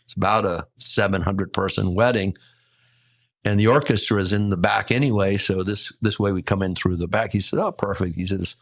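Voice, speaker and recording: An older man, a hotel general manager, telling a story in a lively way and acting out the quotes. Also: lowish voice, normal speed, dry recording. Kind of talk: casual storytelling.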